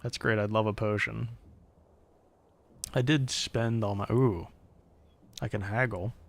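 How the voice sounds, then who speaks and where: A man streaming a game, reacting with quick jokes, laughter and swearing. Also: lowish voice, steady tone. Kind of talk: gameplay commentary.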